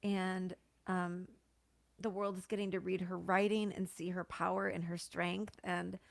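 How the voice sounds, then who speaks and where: A woman guest on a podcast, telling a heartfelt story in an animated way, tearful and laughing at once. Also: fairly low pitch, unhurried, creaky, no echo. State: crying. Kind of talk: emotional interview storytelling.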